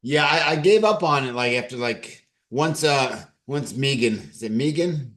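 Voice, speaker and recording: Rambling New York co-host. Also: male voice, mid-range voice, expressive, normal speed, fairly bright tone. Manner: rambling, searches for words. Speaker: podcast co-host. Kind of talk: casual chat.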